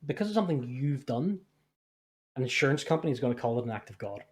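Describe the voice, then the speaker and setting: A man's voice: mid-range voice, lively intonation, quick pace. A man hosting a podcast in a loose, rambling way. He jokes constantly and swears without a second thought. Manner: rambling, jokey, swears freely. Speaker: podcast host. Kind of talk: casual podcast chat.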